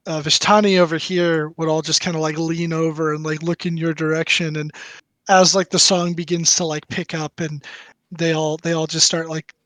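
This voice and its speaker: A man's voice: on the high side, little pitch movement, moderate pace, fairly bright tone, no echo, poor audio. A young man narrating as game master, rambling with many fillers.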